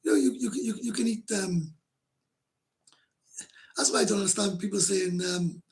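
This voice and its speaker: A middle-aged Welsh man with a gravelly voice, pitched a bit high for a man. He hosts a casual livestream and chats with viewers in a blunt, rambling way. He swears freely and laughs often. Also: moderate pace, a little mellow. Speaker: livestream host. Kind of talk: casual livestream chat, reading comments.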